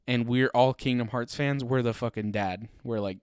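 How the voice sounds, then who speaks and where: A man's voice: mid-range voice, normal speed, hardly any pauses, clean tone, no room sound, studio quality. Profane young man ranting on a podcast. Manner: profane, animated ranting with laughing asides. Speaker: podcast host. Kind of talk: solo podcast rant.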